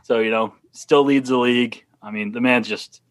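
A man's voice: mid-range voice, steady tone, moderate pace. A man with a slight Boston accent chatting casually as a podcast guest, laughing through his stories. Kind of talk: casual chat.

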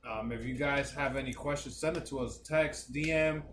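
A man chats as a podcast co-host. He tells his stories with animated voices for each person in them and swears freely. The room rings with echo, and a steady noise sits behind him. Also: medium pitch, moderate pace. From New Jersey, United States. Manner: animated storyteller, swears, slips into voices of others. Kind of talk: casual podcast chat.

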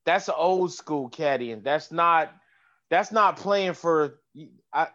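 A man, a golf caddy and comedian, telling stories in a casual chat, animated and swearing, acting out voices. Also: a little high, slow, highs cut off. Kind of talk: casual podcast storytelling.

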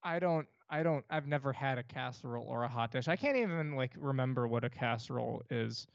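A man's voice: mid-range voice, animated, fairly quick, vocal fry, no echo. A young man from New York State co-hosting a casual podcast chat, rambling with many fillers and restarts. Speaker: podcast co-host. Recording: dry, dull lo-fi podcast mic.

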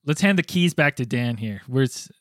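A man's voice: medium pitch, animated, moderate pace, fairly bright tone, no room sound, clean studio sound. A man co-hosting a podcast in casual chat, joking and peppering his talk with "like". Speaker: podcast co-host.

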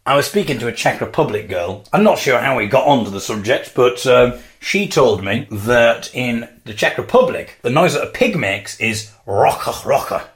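Man, wry solo podcast host, playful musing, very animated pitch. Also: normal speed, hardly any pauses. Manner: wry, playful, acts out mock debates.

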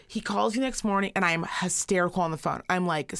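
A woman in her thirties co-hosting a podcast, telling a story in a profane, animated way and acting out the quotes. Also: mid-range voice, brisk, hardly any pauses. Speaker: podcast co-host. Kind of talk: casual storytelling chat.

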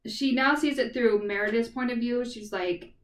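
A woman's voice: fairly high pitch, moderate pace, recorded from a distance. A woman co-hosting a book podcast who retells a plot casually, with lots of "like". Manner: animated retelling, heavy use of "like". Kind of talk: casual chat. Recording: roomy echo, away from the mic.

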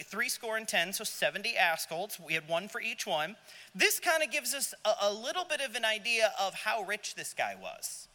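A man's voice: sits high, sharp tone, in a large hall. A man teaching a Sunday school Bible class, joking aside and asking the class questions as he reads. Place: church classroom.

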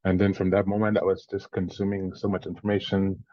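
A man's voice: sits low, level tone, fairly quick, dry recording, dull audio. A man from Central Virginia with a slightly French-tinged accent, chatting casually as a podcast guest, laughing often and swearing easily. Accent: slightly French-tinged mix. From Central Virginia, USA. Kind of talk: casual interview chat.

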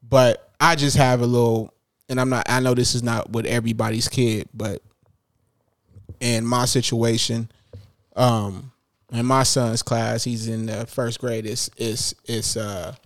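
A man's voice: mid-range voice, flat delivery, a little slow, dry recording, studio quality. A man talking casually as a parent, rambling and restarting his sentences often. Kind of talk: casual chat.

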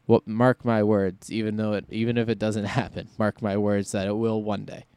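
A man's voice: fairly low pitch, flat delivery, normal speed, darkish tone, clean tone, no room sound. A man hosting a solo podcast in casual chat, rambling and thinking aloud as he goes. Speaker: podcast host.

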